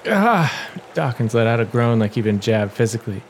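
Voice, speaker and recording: A man giving a measured, dramatic reading as the narrator of his own audio adventure story, in a noisy home recording. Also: on the low side, little pitch movement, a little mellow. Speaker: storyteller and writer.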